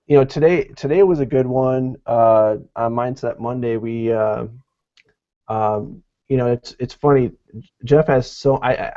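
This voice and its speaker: A man co-hosting a team video call, talking in a halting, casual way with many fillers. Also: medium pitch, mellow. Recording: dull lo-fi call audio.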